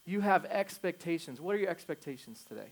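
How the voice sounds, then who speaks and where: A man in his thirties, a pastor preaching a conversational sermon that swings from quiet asides to loud emphatic bursts, with self-deprecating jokes. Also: fairly high pitch, expressive, brisk.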